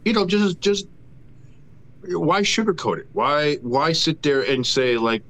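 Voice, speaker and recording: Man hosting a sports podcast, halting and fumbling. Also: a little high, expressive, a bit bright, a little hiss or hum. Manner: rambling, halting with many fillers, then a profane ranting tirade. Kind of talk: casual sports podcast chat.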